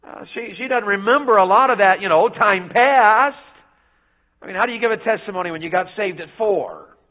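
A man's voice: sits high, fairly quick. A middle-aged man with a Southern US accent preaching a revival sermon in a church, folksy and calling out to his congregation, preaching in bursts. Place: church sanctuary. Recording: phone-like narrow band.

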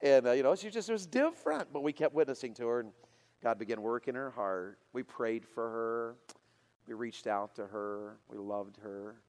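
Pastor type, storytelling sermon to a youth crowd, lively and builds to loud excitement. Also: male voice, mid-range voice, moderate pace, long reverb tail.

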